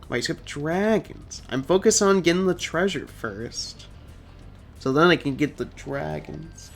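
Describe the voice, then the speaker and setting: Young guy streaming a game, rambly chatty, bit high voice, faint game music. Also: measured pace, gravelly. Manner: chatty, rambling, reads out chat. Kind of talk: casual let's-play commentary.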